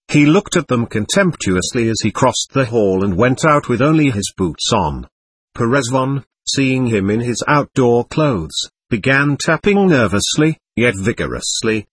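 A man narrates a classic novel in a measured, expressive way. His voice is husky and moves freely up and down in pitch. The recording is dry and close, with no room echo. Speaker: audiobook narrator. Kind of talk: scripted narration.

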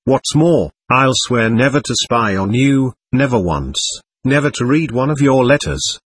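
A man's voice: mid-range voice, lively intonation, measured pace, husky. A man reading the part of a playful, teasing young woman who speaks eagerly and fervently.

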